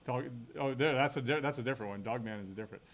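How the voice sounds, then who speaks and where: Middle-aged man, mid-pitched, casual university lecturer, chatty and thinking aloud, leans on "right?". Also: very fast. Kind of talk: recorded classroom lecture.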